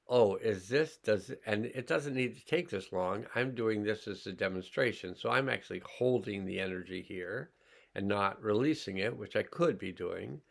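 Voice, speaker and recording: A man teaching a healing class, slowly and calmly talking listeners through sensing their body and emotions. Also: on the low side, gravelly. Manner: slow, calm, pausing, guiding listeners' awareness. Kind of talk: slow guided healing demonstration.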